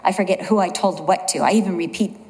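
A woman preaching a sermon, telling stories earnestly and slowing down with a lower voice to stress her points. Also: darkish tone, long reverb tail, a little hiss or hum, low-quality recording. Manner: earnest storytelling, slows and drops low for emphasis.

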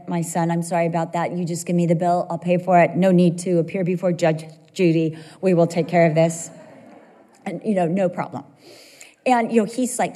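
A woman's voice: fairly low pitch, dark tone. A middle-aged woman preaching a sermon, telling personal stories in a conversational, emotional way. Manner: storytelling, conversational, emotional swings. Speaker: pastor's wife preaching. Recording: long hall reverb.

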